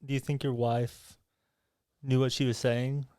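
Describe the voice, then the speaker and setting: A man's voice: mid-range voice, level tone, unhurried, darkish tone, clean tone, no room sound, studio quality. Casual man asking curious questions. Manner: curious, loose questioning with fillers. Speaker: podcast host. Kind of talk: casual interview chat.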